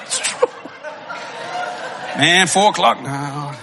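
A man preaching a humorous sermon to a congregation, telling comic stories, laughing and often shouting. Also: on the high side, expressive, slow pace, vocal fry, in a large hall, a crowd in the background. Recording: live audience laughter and room noise.

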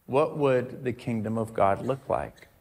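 A man's voice: mid-range voice, unhurried, darkish tone. A man preaching in a church service, telling stories conversationally with emphatic repetitions. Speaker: pastor. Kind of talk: sermon.

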